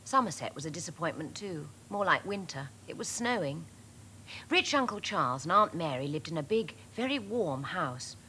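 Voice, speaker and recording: A woman reading a children's story aloud, with an expressive, animated storytelling delivery. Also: fairly low pitch, normal speed, a little hiss or hum.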